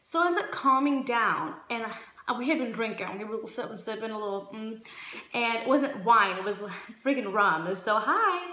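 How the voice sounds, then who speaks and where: A young woman in her twenties telling a casual story-time vlog, animated and acting out the quotes. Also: fairly high pitch, moderate pace. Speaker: vlogger. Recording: echoey room with faint music.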